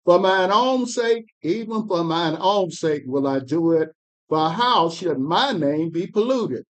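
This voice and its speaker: A man reading scripture aloud in a Bible class, slow and emphatic, pushing up on key words. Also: high-pitched, animated.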